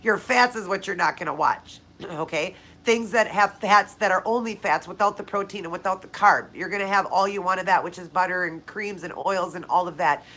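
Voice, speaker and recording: A woman's voice: lowish voice, fairly quick, a bit bright, poor audio. A woman hosting a live viewer Q&A, talking casually and tearfully, speaking straight to viewers by name. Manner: emotional, heartfelt, speaks directly to viewers by name. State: tearful, crying. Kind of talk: casual live-stream chat.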